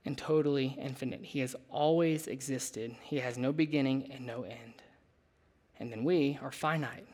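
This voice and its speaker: A young adult man preaching a sermon, telling a personal story in a conversational, animated way with asides to the listeners. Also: mid-range voice.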